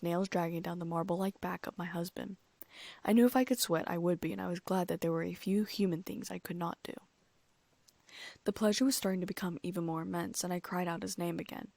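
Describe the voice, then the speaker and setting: Gravelly woman reading an audiobook. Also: on the low side, darkish tone, no echo. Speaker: audiobook narrator. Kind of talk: first-person audiobook narration.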